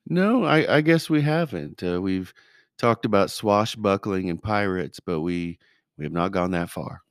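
Man co-host, very low smooth voice, measured and hesitant delivery. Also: lively intonation, dry recording, clean studio sound. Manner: measured, hesitant, many fillers. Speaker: podcast co-host. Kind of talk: casual discussion.

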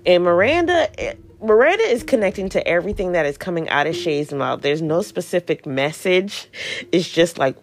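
A woman hosting a casual recap show, animated and sassy, acting out characters' lines in playful voices. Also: deep voice, creaky. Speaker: podcast host recapping a TV show. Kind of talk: casual chat.

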